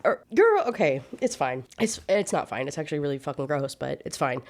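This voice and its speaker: A woman's voice: low voice, expressive, a little fast, a little mellow. A young woman reviewing a book in a casual rant, sarcastic and exasperated, swearing freely.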